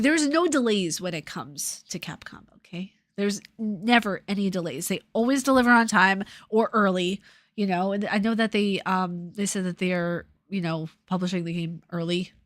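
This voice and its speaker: A woman's voice: lowish voice, dry recording. A young woman with a New York accent chatting casually on a livestream, rambling, swearing freely and laughing often. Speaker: YouTuber reading live chat.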